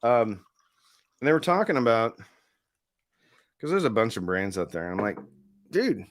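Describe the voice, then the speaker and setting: A man's voice: medium pitch, very animated, a little slow, dry recording, studio quality. A middle-aged man hosting a casual live stream, chatting in a rambling way and reading viewer comments aloud. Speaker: livestream host reviewing audio deals.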